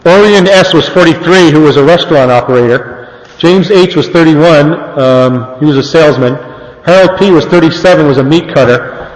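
Man, slightly high voice, speaker reading clippings to a room, casual fillers, roomy reverberant hall sound. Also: normal speed. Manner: plain reading with fillers and amused asides. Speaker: speaker on early AA history. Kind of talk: talk reading aloud from old newspapers. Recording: echoey hall with long reverb.

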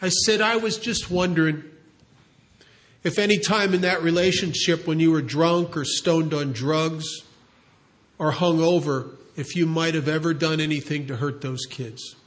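A man telling a long recovery story in a halting way, repeating words and slowing down to stress key moments. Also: fairly high pitch, steady tone. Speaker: recovery speaker. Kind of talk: storytelling talk.

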